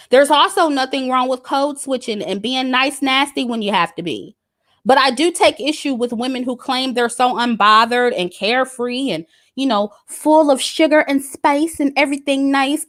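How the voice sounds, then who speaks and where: A woman's voice: on the high side, fairly bright tone. A woman, giving a blunt, emphatic commentary straight to her audience, cursing and repeating her points. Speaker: YouTube commentator. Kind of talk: casual direct-to-camera rant.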